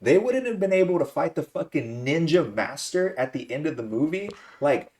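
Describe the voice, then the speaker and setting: A man's voice: fairly high pitch, very animated, moderate pace, darkish tone. A man hosting a podcast, ranting with exasperated profanity in a casual movie review chat. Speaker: podcast host.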